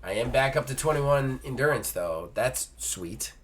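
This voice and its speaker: A man's voice: medium pitch, lively intonation, a little slow, a little hiss or hum. A man hosting a solo gamebook play-through, reading the passages aloud and breaking off for casual joking asides. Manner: reads text then jokes in casual asides. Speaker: host.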